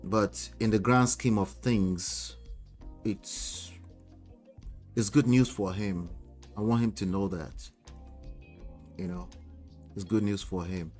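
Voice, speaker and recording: A man hosting a commentary show, reacting to celebrity clips with animated, incredulous questions and reading comments from the chat. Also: on the low side, slow pace, pauses often, soft background music.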